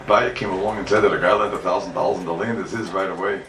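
A man's voice: low-pitched, steady tone, rapid-fire. A man teaching Talmud to a congregation as a rabbi, emphatic, asking and answering his own questions and repeating key points. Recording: echoey room mic from far off, faint background noise.

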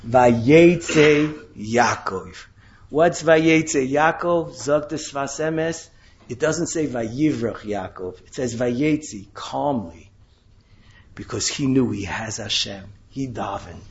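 A man's voice: medium pitch, expressive, slow pace, dull audio. A man giving an impassioned sermon, with dramatic rises into questions and Hebrew terms woven in. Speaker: rabbi giving a Torah talk.

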